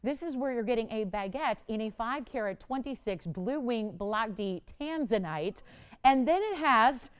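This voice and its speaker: A woman's voice: fairly high pitch, lively intonation, moderate pace, clear, resonant tone. A middle-aged woman hosting a live home-shopping jewelry show, talking in a chatty, enthusiastic and emphatic selling manner.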